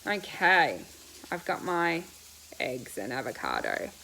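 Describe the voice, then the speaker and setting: Bubbly, bright-voiced woman riding coach. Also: deep voice, wildly swooping pitch, gravelly, slight background noise, low-quality recording. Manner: bubbly and chatty, quick laughs, loose rambling answers. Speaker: riding coach hosting a live Q&A. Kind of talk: casual live-stream chat answering viewer comments.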